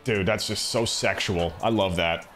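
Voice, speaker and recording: A young man streaming a baseball video game, reacting in excitable, slangy commentary that swings between loud hype and low muttering. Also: measured pace, over music. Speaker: gaming streamer. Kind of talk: live gameplay commentary.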